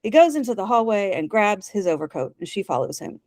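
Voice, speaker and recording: A woman's voice: medium pitch, moderate pace, no room sound. A woman co-hosting a casual podcast, retelling a drama scene by scene and voicing its lines. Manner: reads scenes aloud with lively voiced quotes and laughs. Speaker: podcast co-host retelling an episode. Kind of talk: casual chat, acting out dialogue.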